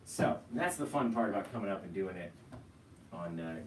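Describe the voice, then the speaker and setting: A man's voice: sits low, lively intonation, moderate pace. A middle-aged man hosting a live painting tutorial, chatting straight to viewers in a casual, storytelling way and checking in with "right?" as he goes. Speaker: painting instructor. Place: home painting room. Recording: roomy, mic at a distance, faint hiss.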